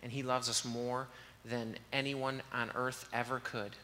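A man preaching an earnest, conversational sermon in a church and leading a soft, slow prayer. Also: mid-range voice, level tone, long reverb tail, slight background noise. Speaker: pastor. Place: church sanctuary.

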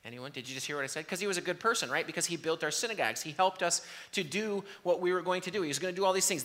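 A man's voice: high voice, very fast, few pauses, a bit bright. A male pastor preaching a sermon, asking the congregation questions and bantering with them.

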